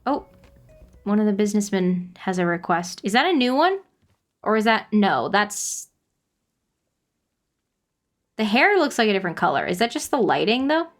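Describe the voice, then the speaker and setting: A woman's voice: medium pitch, sing-song, normal speed, long pauses, soft background music. A woman streamer chatting casually and laughing easily as she plays a game.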